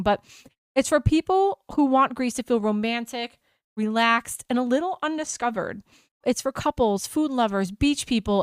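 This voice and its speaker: A woman's voice: a little high, smooth, no echo, studio quality. An American woman hosting a travel podcast, telling an enthusiastic, gushing story in a casual chat.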